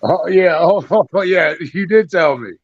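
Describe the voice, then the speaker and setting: A man's voice: sits high, normal speed, dry recording. A man guesting on a podcast, telling stories in a profane, laughing way. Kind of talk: casual chat. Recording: dull lo-fi audio.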